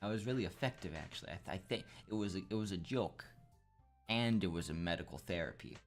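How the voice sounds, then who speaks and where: A man's voice: low-pitched, animated, fast talker, faint music behind. A young man, slightly sick with a cough, swearing and joking as he plays through and reads a story game. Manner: profane, joking, rambling. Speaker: let's play gamer. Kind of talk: casual game commentary and reading aloud.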